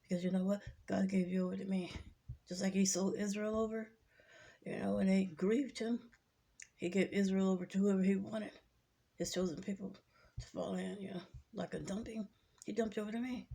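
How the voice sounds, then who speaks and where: A woman's voice: medium pitch, fairly even intonation, fairly quick, gravelly, warm tone, breathy edge. A woman delivering a rambling, agitated, preachy monologue to camera. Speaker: vlogger.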